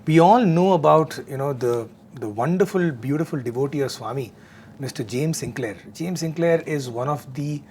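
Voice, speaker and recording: A man's voice: a little high, normal speed, darkish tone, slight background noise. A man hosting a devotional discussion, speaking earnestly with many "you know" fillers. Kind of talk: conversational satsang discussion.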